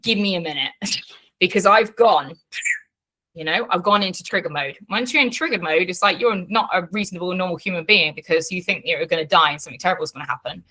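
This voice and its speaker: A woman's voice: on the low side, quick pace, pushed and bright. A woman teaching an online class as a coach, talking frankly and bluntly, swearing freely and checking in with her listeners.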